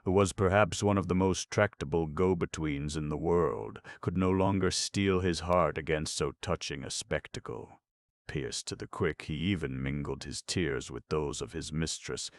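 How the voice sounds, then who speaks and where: A man narrating a classic novel as an audiobook in a measured, expressive storytelling manner. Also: extremely low pitch, dry recording.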